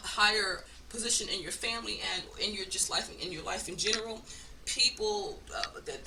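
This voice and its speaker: A woman's voice: mid-range voice, far from the mic, background noise. A woman giving a casual oracle card reading, blunt and profane, with frequent laughs. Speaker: spiritual card reader.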